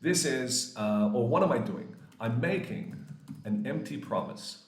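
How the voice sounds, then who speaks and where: A man in his forties teaching English grammar in a casual, lively way, swearing freely and acting out little quoted exchanges. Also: mid-range voice, measured pace. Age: 40s. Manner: lively, swears often, acts out quoted voices. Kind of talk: casual classroom explanation. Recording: echoey room.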